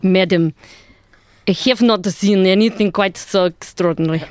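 A man's voice: high-pitched, smooth, no echo, close to an everyday voice. A man playing a pompous male dictator who speaks broken English in an improvised comedy sketch. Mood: flattering. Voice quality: broken English, slow and grand.

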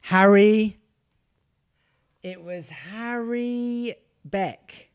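A woman's voice: medium pitch, drawn-out words, a little mellow, clean tone, dry recording, clean studio sound. A woman co-hosting a podcast, answering quiz questions in playful banter with stumbling, giggly replies. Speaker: podcast co-host.

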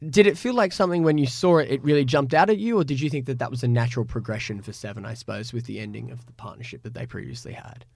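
A man hosts an industry podcast in a chatty, rambling way, circling back with fillers. His voice has a gravelly edge, and the sound is dry and close. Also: medium pitch, quick pace, hardly any pauses, darkish tone, no room sound. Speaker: podcast host and journalist. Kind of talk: casual interview chat.

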